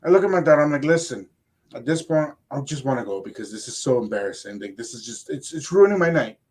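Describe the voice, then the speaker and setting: Older man, radio co-host; rambling, animated storyteller, casual chat. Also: mid-range voice, quick pace. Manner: animated, rambling anecdote with quoted asides.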